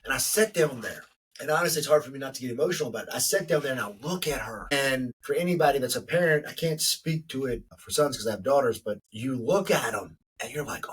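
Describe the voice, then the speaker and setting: A man's voice: medium pitch, animated, brisk, fairly bright tone, distant mic, a little hiss or hum, low-quality recording. A middle-aged man hosting a podcast, giving an emphatic motivational monologue and repeating lines for effect. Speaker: podcast host.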